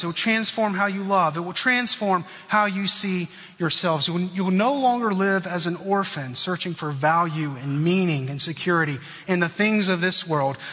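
High, bright-voiced male preacher in a reverberant hall. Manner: earnest preaching, swoops low at phrase ends, addresses listeners as friends. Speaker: pastor. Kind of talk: sermon.

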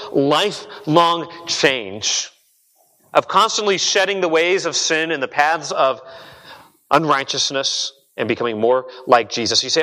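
Bright-voiced pastor preaching in a hall. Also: male voice, a little high. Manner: conversational, earnest preaching with repeated phrases. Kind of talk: sermon. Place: church sanctuary.

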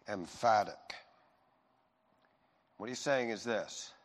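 A man's voice: lowish voice, takes it slowly, long pauses. Preaching man in a reverberant hall. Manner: swings from loud emphatic preaching to soft intimate reassurance. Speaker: pastor. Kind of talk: sermon.

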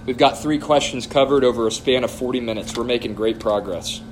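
A man's voice: mid-range voice, a little fast, a little hiss or hum. A man leading a church question-and-answer night, teaching from scripture in an emphatic way and putting questions to the audience. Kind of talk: Bible teaching Q&A. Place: church hall.

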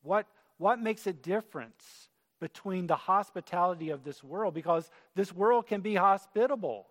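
This man's high, expressive voice moves at a normal speed as he preaches a sermon in a reverberant hall. He speaks earnestly and conversationally and performs the quotes he includes.

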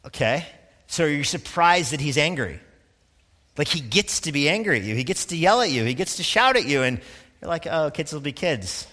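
A man preaching a sermon, talking to the congregation in a loose, conversational way with quick asides. His voice is bright and forceful. It rings out with a long reverb, as in a big hall. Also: a little high, sing-song. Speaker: pastor.

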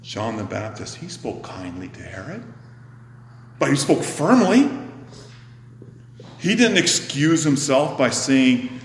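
A man preaching a sermon, swinging from loud emphatic bursts to hushed, whispered lines. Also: mid-range voice, big pitch swings, takes it slowly, a little hiss or hum. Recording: echoey hall, faint ambience.

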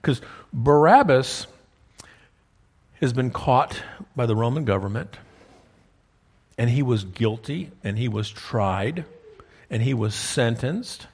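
A man with a husky voice preaches a sermon in a church, talking through a story with his congregation. He often checks in with them as he goes, asking whether they are following along. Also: medium pitch, darkish tone. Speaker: pastor. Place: church sanctuary. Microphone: wears a clip-on mic.

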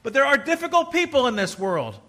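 Pastor guy preaching, high voice, chatty asides to the congregation. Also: sing-song, brisk, pushed and bright. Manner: conversational preaching with asides and quoted inner voices. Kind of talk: sermon.

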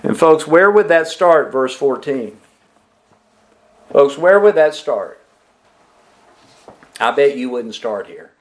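A pastor preaching a sermon, asking the congregation questions and repeating their answers back. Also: male voice, medium pitch, slow, long pauses. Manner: emphatic preaching with lively rises and drops.

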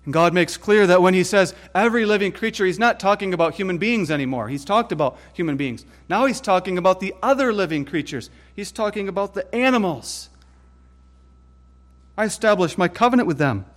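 Male preacher, slightly high voice, emphatic and deliberate sermon delivery. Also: lively intonation, fairly bright tone. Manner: emphatic, deliberate preaching with rising stress on lists.

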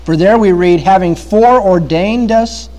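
High-voiced man preaching a sermon. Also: measured pace, dark tone, low-quality recording. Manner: emphatic preaching, rising in force on key points. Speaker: pastor.

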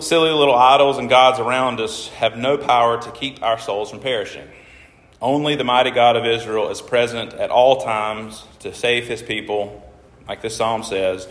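A man delivers a sermon to his congregation, pausing to ask them questions and reading scripture passages aloud. His voice sits in the middle range for a man. The recording carries the long, roomy reverb of a church hall. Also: mid-range voice. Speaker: pastor.

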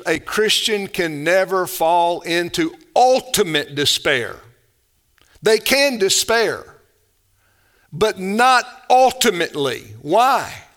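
A man delivers a passionate sermon with a fairly high voice. He drives his points home with rhetorical questions and swings from loud emphasis down to near-whispered quiet. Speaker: preacher.

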